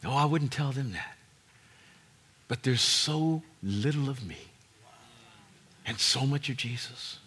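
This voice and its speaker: A man preaching a sermon as pastor, swinging from hushed, low lines to loud shouted peaks and repeating words for emphasis. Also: takes it slowly, pauses often, slight background noise.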